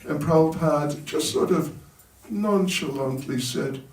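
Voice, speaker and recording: A monk in a temple hall tells light, humorous stories and chuckles at his own jokes. His speech is unhurried and slightly high for a man. The echoey room and the distant mic leave him sounding far off. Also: a little mellow. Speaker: monk giving a talk at a temple. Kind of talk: storytelling sermon.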